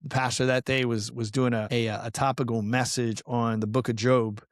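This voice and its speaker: A middle-aged man from Colombia, a podcast guest, telling a personal story in an earnest, animated, casual way, often saying "man" and "you know.". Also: mid-range voice, moderate pace, dry recording, clean studio sound. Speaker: podcast guest, pastoral counselor and fitness coach.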